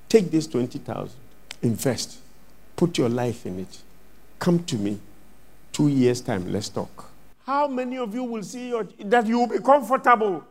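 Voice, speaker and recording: Male pastor, high voice, theatrical sermon delivery, echoing church hall. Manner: dramatic swings between loud and hushed, acts out scenes. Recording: long reverb of a large hall.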